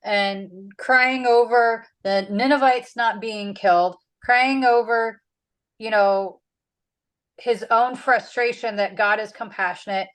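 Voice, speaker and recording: A woman's voice: fairly high pitch, fairly even intonation, takes it slowly, poor audio. A woman leading a casual Bible study, chatty and full of fillers. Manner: chatty, with many "like"s and "um"s.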